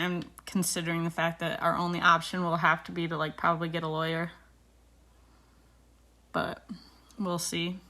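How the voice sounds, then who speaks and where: A woman's voice: lowish voice, fairly bright tone. A woman in her thirties, a beauty vlogger, chatting casually and retelling a dispute with indignation while doing her makeup.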